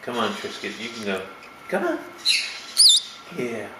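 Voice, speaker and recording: A man's voice: mid-range voice, huge pitch swings, a little slow. A man at home calling his pet parrots to fly to him, coaxing them again and again. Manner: calls the birds over and over in coaxing pet talk. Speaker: parrot owner calling the birds. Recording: roomy home recording with loud background noise.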